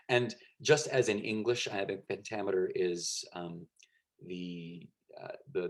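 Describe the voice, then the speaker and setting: A man's voice: low voice, gravelly. A man teaching a lecture in a conversational way, with frequent fillers and checks for understanding.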